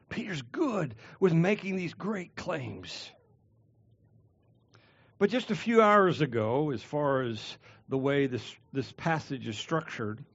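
A man preaching a sermon in a fairly high voice, leaning hard on key words and pausing for effect. The sound is dry and close, a little muffled. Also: dry recording. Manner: emphatic preaching with dramatic pauses and shifts in volume. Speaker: pastor.

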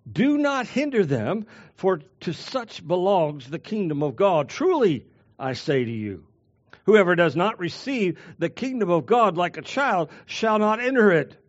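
A man preaching a sermon as pastor, slowing down to stress key words. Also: high voice, highs cut off.

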